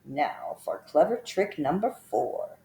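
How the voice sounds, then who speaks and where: Woman voicing a scheming male storybook crocodile; slow, hushed, sly muttering in a lowish voice. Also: very animated, heavily acted. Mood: sly hungry. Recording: roomy echo.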